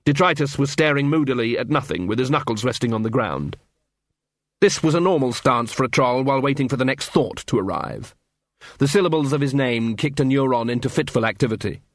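A man narrating a comic fantasy audiobook in a wry, expressive storytelling manner. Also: mid-range voice, fairly quick, no echo, studio quality.

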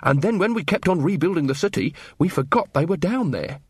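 A man's voice: high-pitched, expressive, fairly quick, husky, no room sound, studio quality, voice pushed up. A man voicing an earnest, upright young male officer of the city watch. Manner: earnest and sincere.

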